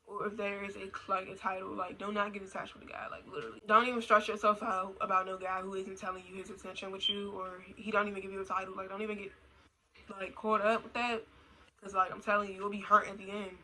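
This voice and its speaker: A woman's voice: medium pitch, pushed and bright, a little hiss or hum, low-quality recording. A young adult woman talking casually in a blunt, slangy, profane way, repeating her points for emphasis. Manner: repetitive, emphatic. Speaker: vlogger. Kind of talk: casual rant.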